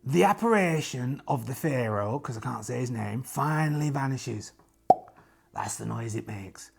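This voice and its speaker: A man hosts a solo tabletop game with a gravelly, husky voice that swings up and down as he talks. He is chatty and full of jokey asides, and his voice sounds tired and strained. Faint music plays underneath. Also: medium pitch, animated, a little slow.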